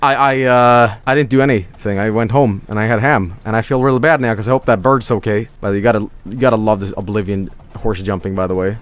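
A man's voice: fairly low pitch, steady tone, fast, few pauses, a little hiss or hum. A man streaming a game, joking around casually and slipping into silly voices. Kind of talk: casual gameplay commentary.

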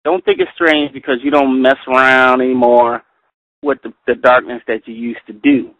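A middle-aged man leading a Bible study, reading verses slowly and carefully, then telling personal stories with animated delivery. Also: mid-range voice, no room sound. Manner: animated storyteller, reads scripture slowly and carefully. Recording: tinny phone line, dry.

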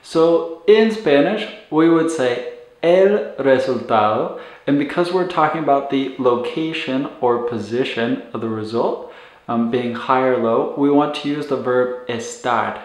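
A man's voice: medium pitch, a little slow. A man teaching medical vocabulary, patiently explaining and repeating words so learners can follow their pronunciation. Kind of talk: instructional explanation. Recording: roomy echo.

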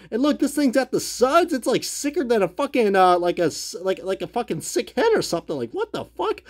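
Exasperated, swearing man ranting. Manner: exasperated, swearing, laughing at his own jokes; swings between shouted outrage and low muttering. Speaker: die-cast car reviewer. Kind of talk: profane comedic review rant.

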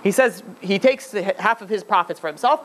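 A man's voice: sits high, fairly quick, a bit bright, slight background noise. A man, a rabbi, telling a story in a lecture, with many restarts and fillers.

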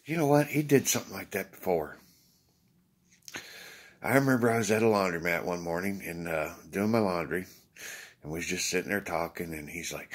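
A vlogger talks to his viewers in a rambling, casual monologue, swearing freely and acting out quoted exchanges, tired after a short night's sleep. His voice is low-pitched and a bit bright, at normal speed with frequent pauses.

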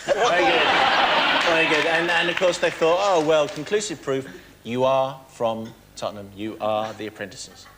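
A man's voice: fairly high pitch, normal speed. An English man hosting a TV game show, questioning guests in a playful, mock-stern way. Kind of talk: teasing studio presenting. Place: TV studio with live audience. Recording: loud studio crowd and noise.

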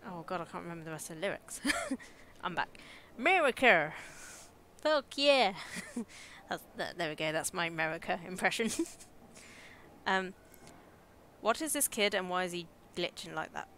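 Speaking briskly in a steady, fairly bright tone on the low side, a young Midlands-accented woman gives casual live gameplay commentary. She chats, giggles and reacts aloud to scares over slight background noise.

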